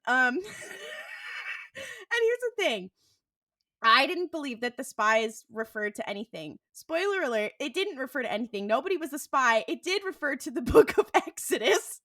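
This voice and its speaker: A woman's voice: high-pitched, no room sound, studio quality, distant mic. A woman co-hosting a podcast, chatting casually and telling stories with acted-out quotes. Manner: animated storytelling with acted-out quotes. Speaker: podcast co-host. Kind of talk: casual chat.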